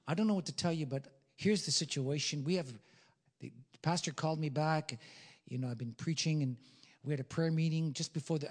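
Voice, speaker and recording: A man preaching a sermon as a pastor, telling a story and swinging from hushed whispers to loud, emphatic bursts. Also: medium pitch, slightly rough.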